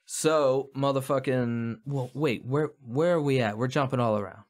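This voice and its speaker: A man's voice: medium pitch, normal speed. A man co-hosting a podcast, rambling with hesitations and swearing as he talks through films. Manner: rambling, hesitant, full of "you know" and swearing. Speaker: podcast co-host. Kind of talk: casual movie chat.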